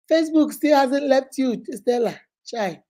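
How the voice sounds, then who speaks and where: A woman's voice: high-pitched, animated, takes it slowly, warm tone, poor audio. A Nigerian woman hosting a casual livestream, talking effusively and greeting viewers by name. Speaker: livestream host.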